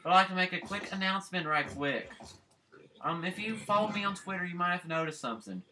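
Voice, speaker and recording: A man's voice: high-pitched, expressive, fast, background noise. A man doing let's play commentary, rambling and talking to himself while he plays. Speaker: gaming channel host.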